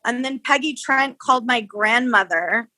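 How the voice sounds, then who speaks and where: A woman's voice: a little high, normal speed, low-quality recording. A woman, the victim's niece, recounting events casually in an interview and acting out the people she quotes. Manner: animated storyteller, acts out quoted people.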